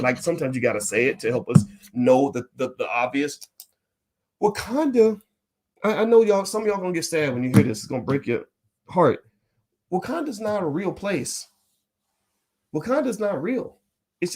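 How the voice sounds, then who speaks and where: Emphatic man giving money commentary. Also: on the high side. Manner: emphatic, repeats points, stammering restarts; laughs while talking. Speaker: finance commentator. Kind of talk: opinion commentary to camera.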